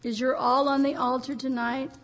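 An older woman preaching to her congregation in a very high voice. She speaks with deep emotion, her sermon often edging into tears and laughter as she tells stories. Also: flat delivery, normal speed, fairly bright tone. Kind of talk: pentecostal sermon.

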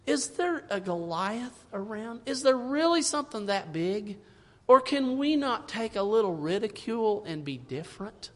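High-voiced fervent preacher in a reverberant hall. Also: male voice, big pitch swings, normal speed. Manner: fervent, swings from loud emphasis to hushed asides; reads scripture in old-fashioned wording. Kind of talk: sermon. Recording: long reverb in a large hall.

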